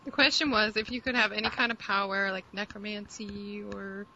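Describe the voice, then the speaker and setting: A woman with a bright, forceful voice chats casually as a podcast co-host, laughing easily and poking fun at herself. She reads listener emails aloud. The sound is dull and lo-fi. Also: medium pitch, steady tone, brisk, a little hiss or hum. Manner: laughs often, self-deprecating.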